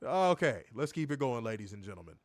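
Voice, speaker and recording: A man's voice: medium pitch, fast talker, no echo. Casting: brash male co-host, rowdy cursing banter, mid voice, dry mic. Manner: profane, animated, reads viewer comments aloud. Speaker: podcast co-host. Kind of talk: casual wrestling review chat.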